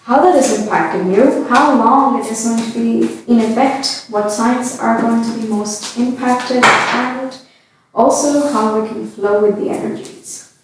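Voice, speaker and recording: A woman giving a tarot card reading in a calm, unhurried way, with gentle fillers. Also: music in the background. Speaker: tarot reader. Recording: very echoey room, mic at a distance, faint rumble.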